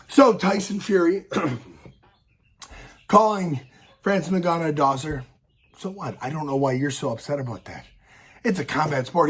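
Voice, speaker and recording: Man, husky voice, a bit high-pitched, casual fight-talk vlog, rambling, stumbles and repeats words. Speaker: fight commentary vlogger. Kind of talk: casual reaction commentary.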